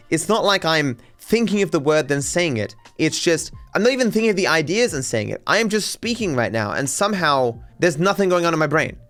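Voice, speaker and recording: A man streamer with a faint Australian accent, rambling casually and reading out chat, quick with many restarts. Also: on the high side, a bit bright. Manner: rapid, restarts often, thinks aloud.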